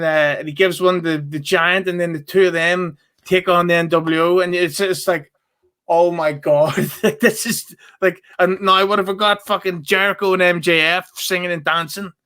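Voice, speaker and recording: A man's voice: high voice, steady tone, normal speed, sharp tone, clean tone. A man, a podcast guest who chats casually, swears freely and jokes at his own expense. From Northern Ireland. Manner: swears freely, self-mocking humor. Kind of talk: casual chat.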